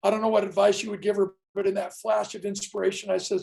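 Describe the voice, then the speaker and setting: A man's voice: high voice, little pitch movement, fast, creaky, few pauses, a little mellow, poor audio. A man in his sixties, a professional speaker, giving a motivational keynote with dramatic storytelling and punchy, emphatic lines. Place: event stage.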